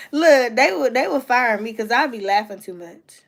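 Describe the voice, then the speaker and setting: A high-pitched woman chats loosely into her phone during a livestream. She laughs often and keeps turning aside to talk to her kids. Her talk is loose and playful, full of fillers. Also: animated, a little slow, gravelly. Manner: laughs often, chatty, talks to her kids between remarks. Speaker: vlogger and mother. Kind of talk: casual chat to a livestream.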